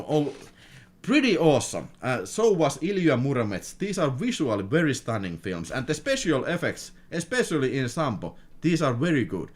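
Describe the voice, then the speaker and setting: Man, Finnish accent, native Finnish speaker, casual unboxing chat, laughs often, mid-pitched. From Finland. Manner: chatty, laughs often, repeats words. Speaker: film collector vlogger.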